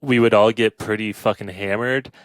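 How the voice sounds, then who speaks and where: A young man in a band telling a road story in casual podcast chat, swearing freely and animated. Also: lowish voice, normal speed, no room sound, clean studio sound. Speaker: band member.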